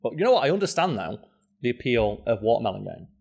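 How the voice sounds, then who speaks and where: A man co-hosting a podcast, chatting casually with quick asides and frank swearing. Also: medium pitch, sing-song, vocal fry, a little mellow, slightly rough. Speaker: podcast co-host. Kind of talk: casual chat.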